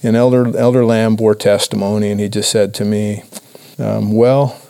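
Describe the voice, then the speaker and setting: Halting earnest man, low gravelly voice. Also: monotone, mellow. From Idaho, USA. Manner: earnest, halting, many restarts. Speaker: church speaker. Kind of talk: personal testimony talk.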